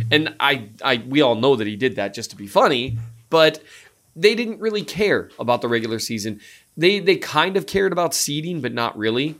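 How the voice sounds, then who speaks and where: A middle-aged man co-hosts a laid-back sports podcast at a normal speed, sounding animated. His pitch leaps upward whenever he drives a point home.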